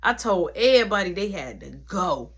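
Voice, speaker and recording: A woman's voice: normal speed, breathy edge. Woman telling a slangy, punchy story. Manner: animated, slangy, punchy with sound words like "boom". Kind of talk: casual storytelling.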